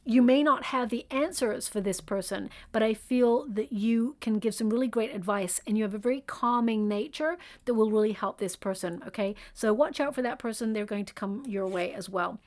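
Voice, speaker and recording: A woman's voice: fairly high pitch, normal speed, hardly any pauses, a little mellow. A woman giving a spoken tarot reading, talking in a soothing, reassuring way with frequent fillers and check-ins to the listener. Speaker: tarot reader.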